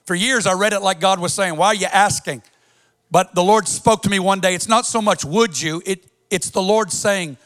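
Male preacher, very high and bright-toned, impassioned sing-song sermon delivery. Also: moderate pace.

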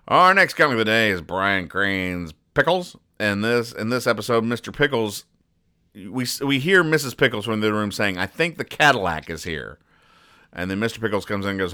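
A man's voice: lowish voice, lively intonation, moderate pace, sharp tone, smooth, no room sound. Dry rambling male comics host. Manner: rambling, dry, self-correcting. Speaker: podcast host reading comics. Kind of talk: deadpan comic recap.

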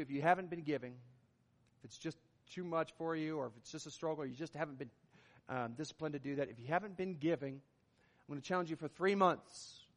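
Male pastor, sermon, high voice, emphatic, swelling and dropping volume, long hall reverb. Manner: emphatic, rising and falling in volume.

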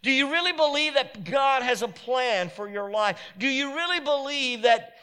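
High-pitched preaching man, emphatic. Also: animated, normal speed, smooth. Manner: emphatic and repetitive, building to shouted climaxes. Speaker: pastor. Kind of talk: sermon.

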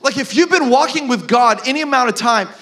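High, bright-voiced male preacher. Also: a little fast. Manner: casual, animated preaching full of fillers and storytelling. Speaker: pastor. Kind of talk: sermon. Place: church.

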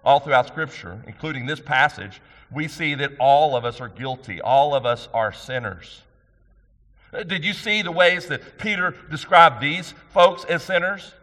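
Middle-aged man pastor, emphatic sermon delivery, bright forceful tone, long hall reverb. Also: fairly high pitch, lively intonation, moderate pace. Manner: earnest, emphatic preaching with rhetorical questions.

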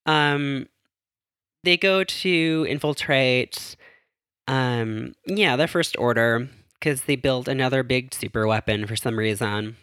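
A man hosts a casual solo podcast, chatty and rambling as he recaps, with frequent fillers and quick self-corrections. His voice sits in a plain middle register. The sound is dry and close, with no room around it. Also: mid-range voice, fairly bright tone, smooth, no echo. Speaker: podcast host.

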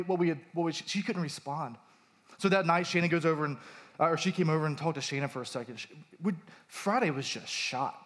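A man in his thirties, a pastor, preaching a conversational sermon with personal stories and emphatic rises. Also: high-pitched.

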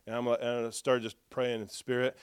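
A man's voice: mid-range voice, fast talker, smooth, dry recording, clean studio sound. A man preaching to a congregation, telling a personal story with humor and acting out the dialogue as he goes. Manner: lively storyteller who acts out dialogue with humor. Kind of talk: storytelling sermon.

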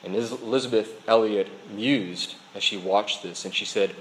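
A man's voice: fairly low pitch, normal speed, few pauses, slight background noise, rough recording. A man preaching a sermon, speaking earnestly to his congregation. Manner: earnest preaching, reads a dialogue aloud with voices. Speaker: pastor.

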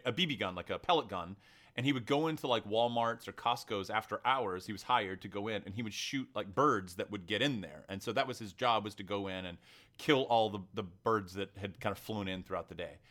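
A man co-hosting a podcast, talking in a heated, emphatic way during a casual discussion. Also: medium pitch. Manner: animated, emphatic, heated storytelling. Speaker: podcast co-host.

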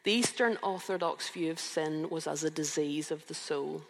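A woman in her fifties preaching a sermon, reflective and emphatic, with slow rhetorical questions. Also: low voice, long reverb tail. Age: 50s. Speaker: preacher and youth counsellor.

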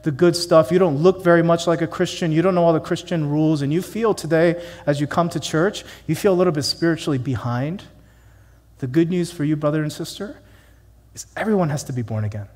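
A man's voice: a little high, fairly quick, darkish tone, in a large hall. A man preaching a sermon in a church, emphatic and conversational, with many rhetorical questions. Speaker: pastor.

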